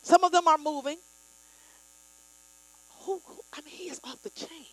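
A woman preaching a sermon, leading the congregation in call-and-response and rising to loud, emphatic declarations. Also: high voice, moderate pace, no room sound, rough recording.

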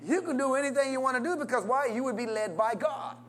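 High-voiced preacher, call and response. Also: male voice, fast talker, slight background noise. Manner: call-and-response preaching with wide swings in pitch and loudness. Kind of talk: sermon.

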